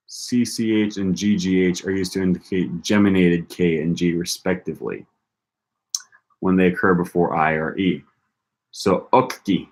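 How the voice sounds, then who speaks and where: Young man, very low voice; casual live-stream study talk, thinks aloud, repeats sounds. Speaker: language-learning streamer.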